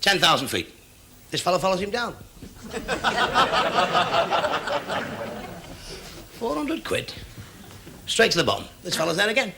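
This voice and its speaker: A man telling stand-up jokes in a brisk one-liner style, switching into each character as he goes. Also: high voice, big pitch swings, gravelly, heavy background noise. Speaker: stand-up comedian.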